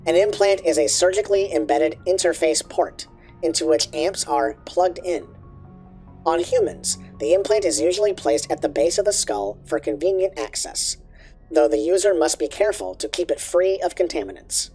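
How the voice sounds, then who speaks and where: A man's voice: sits high, moderate pace, a little mellow, breathy edge, faint music behind, pitched above the performer's own voice. A man reading encyclopedia entries aloud through an alien voice filter, with small slips and restarts. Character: filtered alien-sounding reader, male, calm. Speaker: streamer reading codex entries.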